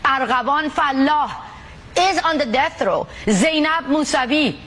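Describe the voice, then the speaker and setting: A woman activist from Iran, speaking forcefully and indignantly as a news interview guest. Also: high-pitched, lively intonation, measured pace. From Middle East, Iran.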